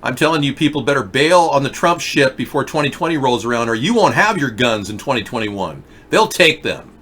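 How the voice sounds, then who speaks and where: A man's voice: mid-range voice, animated, brisk, fairly bright tone, breathy edge. A man hosting a live political video chat show, talking emphatically and directly to viewers while wearing a mouth guard. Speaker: political talk show host.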